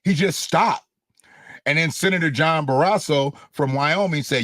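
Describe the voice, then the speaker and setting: A man's voice: on the high side, measured pace, fairly bright tone, no echo, clean studio sound. A man hosting casual political commentary, blunt and slangy, mocking and repeating phrases for emphasis. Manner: blunt, slangy, mocking, laughs at own jokes. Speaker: host.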